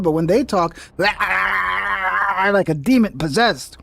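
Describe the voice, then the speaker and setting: A man's voice: high-pitched, slow pace, gravelly, fairly bright tone, soft background music. A young man giving casual, skeptical reaction commentary and swearing freely. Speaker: commentary streamer.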